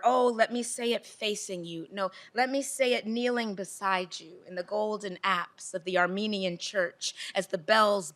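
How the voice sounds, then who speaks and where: A woman reads her poetry aloud in a clear, bright voice. She speaks into a microphone, with a rhythmic, repeating cadence. Her lines hold a gentle, lyrical pull. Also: mid-range voice. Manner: rhythmic, repetitive recitation; casual, rambling asides. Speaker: poet. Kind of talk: poetry reading.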